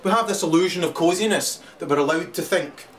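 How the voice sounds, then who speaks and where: A man delivering a profane ranting monologue, often laughing and shouting. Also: high-pitched, quick pace. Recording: distant mic with crowd chatter and noise.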